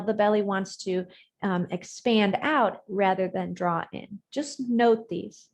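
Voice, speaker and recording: A woman leads a yoga and breathing session over a video call, her voice sitting at an ordinary middle pitch. Her cues are gentle and measured, and the ends of her phrases fade away softly. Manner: gentle, measured cues with soft trailing words. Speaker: yoga instructor. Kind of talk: guided breathing and yoga instruction.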